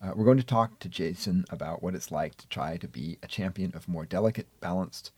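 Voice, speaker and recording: A man's voice: deep voice, fairly quick, a little mellow, breathy edge, no room sound. A man co-hosting a podcast from a radio studio, casual and dryly joking with many hesitations. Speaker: podcast co-host, economics professor. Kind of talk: casual chat. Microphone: studio mic.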